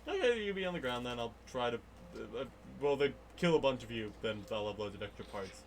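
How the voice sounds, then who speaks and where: An English man playing in a tabletop role-playing game, with a dry, sarcastic wit. His pitch moves in wide swings from line to line. He talks casually, mid-range in pitch. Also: lively intonation, fairly quick, a little hiss or hum. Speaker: player. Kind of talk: tabletop role-play chat.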